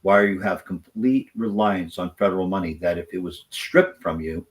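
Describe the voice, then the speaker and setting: Male activist guest with a lowish voice, passionate, rambling delivery, political talk show. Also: normal speed, poor audio.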